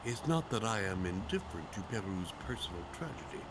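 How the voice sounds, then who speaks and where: A man's voice: lowish voice, big pitch swings. A composed older statesman. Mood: calm. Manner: measured, formal and diplomatic. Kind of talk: video game dialogue. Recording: game audio under loud noise.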